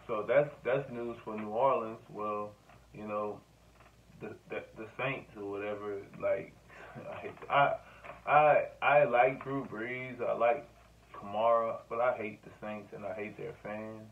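A man's voice: lowish voice, fairly even intonation, unhurried, a little hiss or hum. Rambling man, tinny distant sound. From Louisiana. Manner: rambling, profane, talks straight to camera. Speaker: sports vlogger. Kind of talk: casual sports rant to camera.

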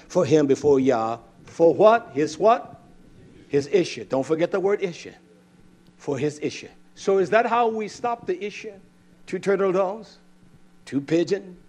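Male preacher, high voice, combative sermon delivery, loud-to-low swings. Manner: confrontational, rhetorical questions, swings from loud to low. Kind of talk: fiery scripture sermon.

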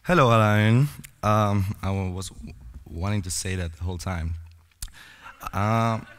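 A hoarse, cold-roughened man gives a loose, rambling conference talk, full of fillers and false starts. His voice sits fairly low. The sound rings with the long reverb of a cinema hall. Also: measured pace. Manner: rambling, many fillers and restarts. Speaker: conference speaker.

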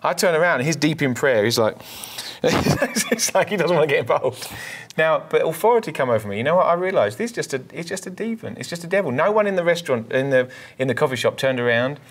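A man co-hosts a ministry show and tells a personal faith story at a brisk clip. His delivery is animated and conversational, doubling back on words as he gets caught up in the moment. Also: on the high side, husky. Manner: animated storyteller, repeats words when excited. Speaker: minister and co-host. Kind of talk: conversational preaching, testimony.

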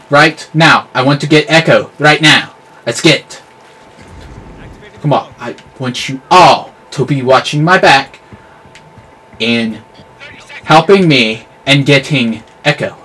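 Excitable gamer man, lively and bright. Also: on the high side, slow, long pauses, slightly rough. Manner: excitable, yelling at the game, clean substitute swears. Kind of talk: live gameplay commentary.

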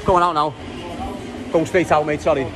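A man's voice: fairly high pitch, fairly even intonation, normal speed, music in the background. A man with a Liverpool accent giving a casual city tour on his bike, chatty and swearing freely as he talks straight to his viewers. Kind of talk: casual walking-tour vlog. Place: outdoors in a city centre. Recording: loud street noise outdoors.

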